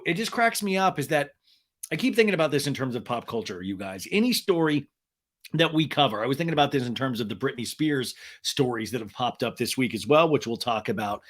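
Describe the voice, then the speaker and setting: A man hosting a podcast, chatting casually and animatedly about pop culture. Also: medium pitch. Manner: chatty and animated, with laughs and silly quoted voices. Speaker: podcast host.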